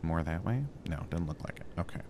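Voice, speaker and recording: A man's voice: rumbling low, animated, fairly quick, background noise. A man giving casual gameplay commentary, chatting with the game and yelping when things go wrong. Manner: chatty, talks to the game, flustered yelps. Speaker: gaming YouTuber.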